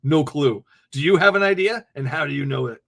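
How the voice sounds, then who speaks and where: A man's voice: a little high, lively intonation, brisk, vocal fry, fairly bright tone. A man hosting a live call-in debate podcast, blunt, mocking and profane, laughing often. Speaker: host.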